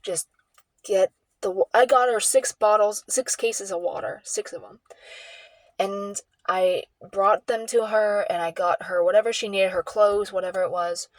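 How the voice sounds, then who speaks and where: A woman vlogging an emotional personal story in a rambling, halting way, full of restarts and repeats. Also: medium pitch, steady tone, no echo.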